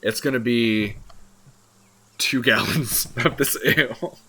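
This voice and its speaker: A man's voice: mid-range voice, slow, crowd noise. A man running a tabletop game as dungeon master, laughing often in casual talk.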